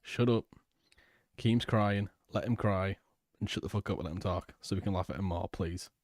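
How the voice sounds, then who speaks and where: Man, lowish voice, dry close mic, blunt sarcastic reaction commentary, profane. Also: moderate pace, dry recording.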